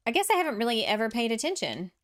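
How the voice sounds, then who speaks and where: Very animated and very fast, her voice sits on the high side as she chats casually with her stream. Building in a farming game, she reads comments aloud, responds, laughs a lot, and gets self-deprecating, with soft game music in the background.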